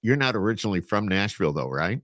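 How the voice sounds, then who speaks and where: A man's voice: on the low side, big pitch swings, quick pace, a bit bright, dry recording, studio quality. A man with an Upstate New York accent hosting a podcast, chatty and rambling as he talks with a guest over a video call. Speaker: podcast host. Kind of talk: casual interview chat.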